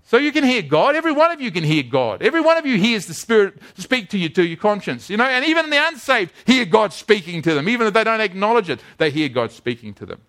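A man's voice: high voice, big pitch swings, fast talker, few pauses, fairly bright tone. A man preaching a sermon as a pastor, telling stories earnestly and often repeating his words.

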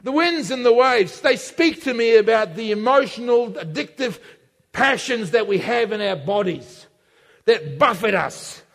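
Male preacher, emphatic, loud-to-hushed delivery, gravelly texture, echoey hall. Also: high-pitched, lively intonation, unhurried. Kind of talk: sermon. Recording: echoey hall with long reverb.

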